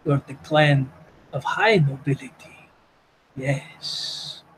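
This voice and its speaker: A man's voice: on the high side, steady tone, breathy edge, exaggerated voice, poor audio. A man doing a pompous courtly vampire zealot. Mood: grandiose. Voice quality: pompous, formal, drawn-out.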